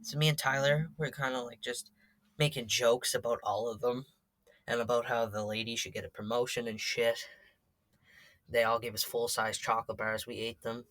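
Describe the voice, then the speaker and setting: A man's voice: medium pitch, level tone, moderate pace, a bit bright, dry recording. A teenage boy casually telling a story as a vlogger, rambling with lots of fillers and swearing. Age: teens.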